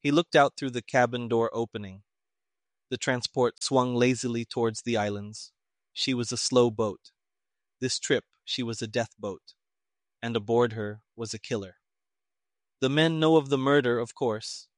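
A man narrating an audiobook in a steady, plain storytelling manner. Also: medium pitch, moderate pace, no room sound, clean studio sound.

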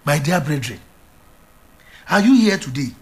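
A man preaching a sermon, emphatic and repetitive, swinging from loud declarations to hushed lines. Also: on the high side, big pitch swings, unhurried.

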